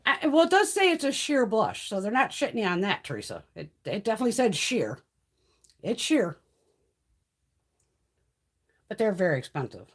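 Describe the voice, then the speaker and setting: A woman's voice: medium pitch, very animated, a little fast, husky. A woman hosting a casual makeup livestream from home, chatty and salty, swearing freely and cooing at her cats. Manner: coos in baby talk at her cats. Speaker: beauty livestream host.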